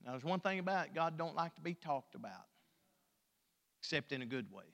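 Older man, preacher; folksy humor, loud-soft swings, long reverb. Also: on the high side, sing-song, a little fast, creaky. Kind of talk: sermon.

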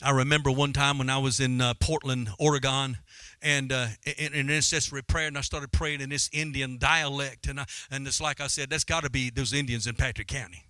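A man's voice: mid-range voice, steady tone, brisk, sharp tone, smooth, no room sound. A man preaching a sermon in a fervent, dramatic style. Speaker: pastor.

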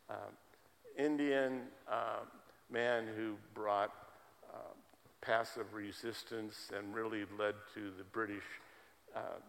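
A man delivers a sermon and presses his points by repeating key words. His voice sits at an ordinary pitch for a man. A long reverb from the church hall trails behind him. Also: vocal fry. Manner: emphatic preaching, repeats words for stress. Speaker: pastor.

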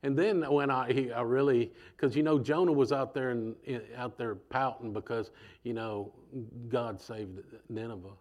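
A man preaching a sermon in a conversational, animated way, acting out voices as he goes. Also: mid-range voice, moderate pace.

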